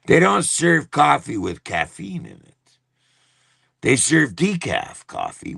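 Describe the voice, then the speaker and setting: A man's voice: on the low side, vocal fry, sharp tone, breathy edge, no room sound, clean studio sound. A man hosting a livestream, delivering a heated, profane rant in a repetitive, angry style. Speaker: livestream host. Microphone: phone.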